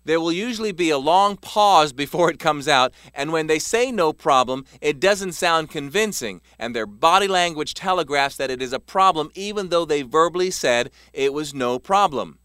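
A man reading a self-help text aloud as scripted narration, measured and emphatic. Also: on the high side, expressive, a bit bright, smooth, no echo, clean studio sound. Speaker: author narrating his self-help book.

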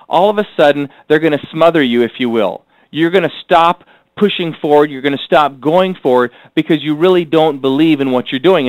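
A man teaching a workbook course. He repeats key phrases slowly so listeners can fill in blanks, and he speaks in an earnest, motivational way. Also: a little high, dry recording, low-quality recording. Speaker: course instructor.

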